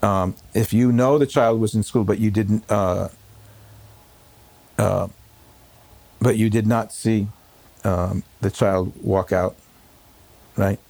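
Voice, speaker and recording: A rabbi with a lowish, gravelly man's voice tells his story slowly and haltingly, full of fillers, restarts and pauses. It is a personal recollection in a home interview, quiet and reflective. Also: steady tone.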